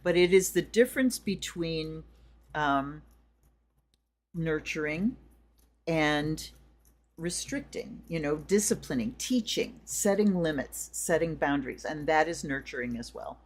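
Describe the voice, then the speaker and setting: Low-voiced chatty livestream woman. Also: lively intonation, unhurried. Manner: chatty, rambling, warm asides to viewers. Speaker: tarot and astrology livestream host. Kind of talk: casual livestream chat and ritual blessing.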